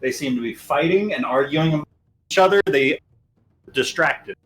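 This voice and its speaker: A man running a tabletop game as game master, narrating in a casual, halting way. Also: on the high side, lively intonation, fairly bright tone, slight background noise, poor audio.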